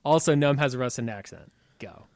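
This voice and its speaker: A man's voice: medium pitch, brisk, dry recording. A man co-hosting a podcast, telling stories with frequent laughs and casual swearing. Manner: laughing, profane storytelling. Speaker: podcast co-host running a game. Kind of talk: casual chat.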